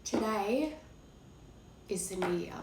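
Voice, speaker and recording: A woman with a hoarse, cracking voice from being unwell, giving a rambling, hesitant tarot reading to her viewers. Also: mid-range voice, animated, takes it slowly, reverberant, very noisy. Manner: rambling, hesitant, many fillers. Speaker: tarot card reader. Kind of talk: casual tarot reading to camera.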